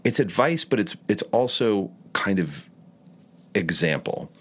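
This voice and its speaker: A low-voiced man co-hosting a podcast. His pitch rises and falls a lot as he talks, and he stops to rephrase his thoughts as he goes. The tone is relaxed and conversational. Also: unhurried, slightly rough. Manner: thoughtful, with searching restarts. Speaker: podcast co-host. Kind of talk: casual podcast chat.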